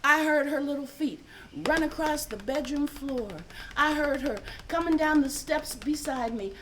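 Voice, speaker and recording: An older woman telling a family story live, expressive and laughing often. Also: high voice, measured pace, background noise.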